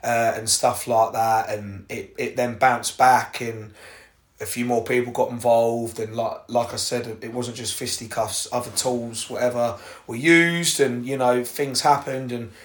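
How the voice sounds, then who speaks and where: This podcast host, a young Englishman, speaks in a mid-range voice with fairly even intonation and no rush. He rambles casually through personal stories, cursing freely and addressing his listeners directly.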